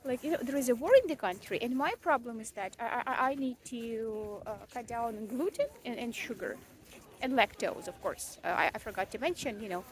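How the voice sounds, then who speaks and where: A woman's voice: a little high, animated, fairly quick. A young mother venting in a casual, rambling vlog, frank and self-mocking, with frequent swearing and fillers. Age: young adult. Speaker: vlogger, mother.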